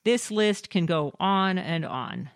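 A woman's voice: fairly low pitch, lively intonation, slow, no echo, clean studio sound. A woman co-hosting a show, telling stories and reading listener submissions in a matter-of-fact way. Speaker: co-host.

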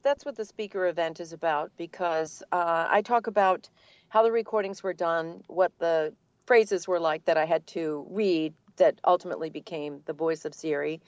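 An older woman, a voice actor from the Boston area with a neutral standard accent, telling her story in a relaxed, articulate interview. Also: fairly low pitch, normal speed, dry recording, muffled recording. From Boston area, USA. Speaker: guest, voice actor. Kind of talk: casual interview answers.

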